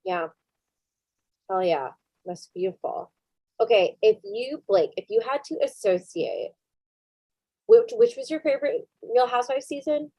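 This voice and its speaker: A woman's voice: on the high side, a little slow, long pauses, warm tone, no room sound. A woman hosting a podcast in casual chat, joking and asking playful questions. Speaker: podcast host.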